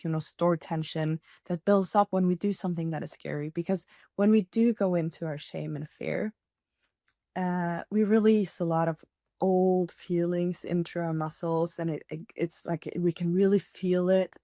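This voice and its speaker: A woman's voice: fairly low pitch, dark tone, dry recording, studio quality. A woman hosting a podcast on her own, talking earnestly and encouragingly in a casual way with frequent laughs. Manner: earnest, encouraging, laughs often, many fillers. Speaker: podcast host. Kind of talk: casual solo podcast talk.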